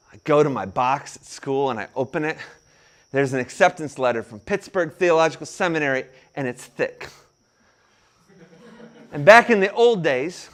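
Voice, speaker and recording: A man in his thirties giving a sermon, telling his story with acted-out quotes and a mild stutter he controls with deep breaths. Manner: animated storytelling, acts out quotes. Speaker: pastor. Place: room with an audience.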